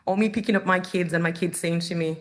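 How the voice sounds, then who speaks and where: Her voice sits lowish with fairly even intonation, and she talks fast. This thirtysomething Canadian mother addresses a community forum audience, sharing a frank, heartfelt story and quoting what people said.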